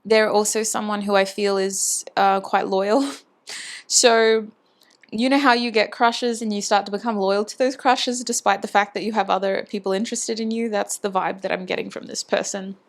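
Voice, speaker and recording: A tarot reader gives a casual reading to camera in a mid-range, steady voice at normal speed. Chatty and intimate, she muses aloud and voices channeled messages, speaking fondly to her viewers.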